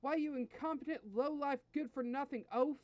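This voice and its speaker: A woman's voice: on the high side, brisk, darkish tone, no room sound, lightly acted. Woman doing Vegeta, a barking arrogant prince. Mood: angry. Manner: barking, scornful commands. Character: arrogant short-tempered alien prince, male, sneering.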